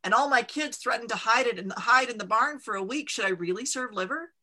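A woman's voice: a little high, brisk, bright, forceful tone. A woman voicing an exasperated, stubborn country mother in a storybook read-aloud, pleading with a raised voice.

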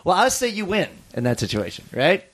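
Lively laughing podcast host man. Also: high-pitched, brisk. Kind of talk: casual chat, reacting.

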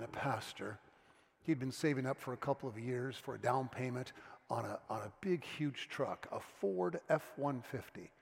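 A man preaching a sermon as a pastor, telling stories and dropping to a hushed tone for serious moments. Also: mid-range voice, vocal fry. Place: church sanctuary. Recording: long church reverb.

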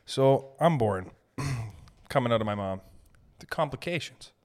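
Young male solo podcast host, mid-pitched voice, loose profane rambling delivery. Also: expressive, a little slow. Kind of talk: solo comedic podcast monologue.

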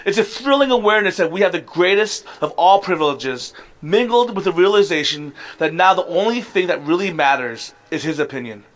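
A pastor in his thirties, his voice on the high side and fairly bright, preaches a sermon. He is earnest and builds toward impassioned appeals.

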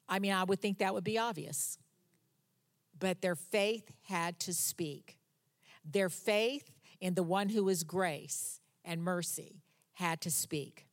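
A woman preaching a sermon, reading scripture aloud and explaining it with humorous conversational asides, her voice rising loud for cries and dropping soft on key words. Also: lowish voice, takes it slowly.

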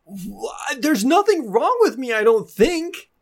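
A woman's voice: a little high, very animated, takes it slowly, husky, pitched above the performer's own voice, full character voice. A woman voicing a tearful, panicky young man who stammers and breaks into nervous laughter. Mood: flustered. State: crying.

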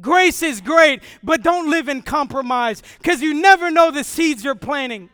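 A young man giving an impassioned sermon testimony, swinging from shouting to hushed. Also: very high voice, moderate pace, no echo.

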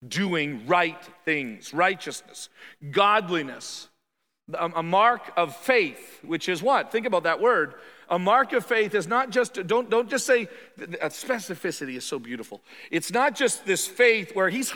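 A man's voice: high voice, animated, moderate pace, pushed and bright, big-room sound. A man preaching a sermon in a church, talking conversationally and emphatically and asking his listeners rhetorical questions. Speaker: pastor. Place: church sanctuary.

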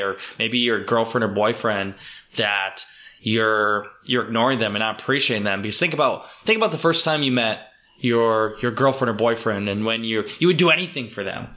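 A man's voice: fairly low pitch, fairly quick, sharp tone. A man hosting a podcast, chatting casually and eagerly, asking follow-up questions. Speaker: podcast host. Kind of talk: casual interview chat.

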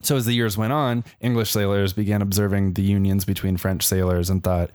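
A man's voice: fairly low pitch, flat delivery, brisk, a little mellow, clear, resonant tone, dry recording, studio quality. A young adult man co-hosting a podcast, telling history in a casual, joking way and putting on playful voices. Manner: jokey storyteller, playful voices. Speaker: podcast co-host. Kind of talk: casual comedic chat.

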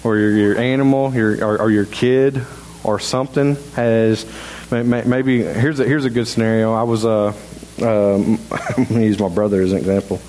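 A man preaching a sermon in a church in a halting, conversational way, full of restarts. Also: fairly low pitch, fairly even intonation, darkish tone, slight background noise, rough recording. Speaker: pastor. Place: church sanctuary.

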